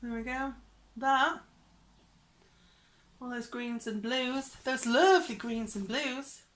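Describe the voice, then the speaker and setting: A woman's voice: on the high side, slow. A young woman chatting casually in a craft vlog, giggly and rambling, sometimes dropping into a whisper. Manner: chatty, giggly, drops into whispers when excited. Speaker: cross-stitch vlogger.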